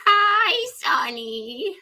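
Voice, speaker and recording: A woman's voice: very high-pitched, sing-song, very slow, pushed and bright, voice pushed up, full character voice. A woman voicing a bored, scolding old woman who claims to be a homeroom teacher. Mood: cranky. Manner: scolding, rambling.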